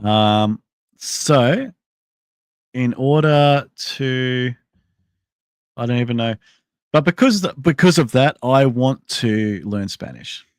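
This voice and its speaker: A man talks loosely on his livestream at a middle pitch, rambling and restarting as he thinks aloud. He answers chat messages in a casual way. The sound is dry, with no room echo. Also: expressive, slow pace, long pauses, clear, resonant tone. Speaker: livestream host.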